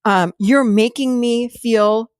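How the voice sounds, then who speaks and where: A middle-aged woman hosting a podcast, telling stories from her therapy practice in an animated way and sometimes laughing as she talks. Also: fairly high pitch, takes it slowly, clear, resonant tone, no room sound, clean studio sound. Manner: animated storytelling, laughs while talking. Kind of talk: casual chat.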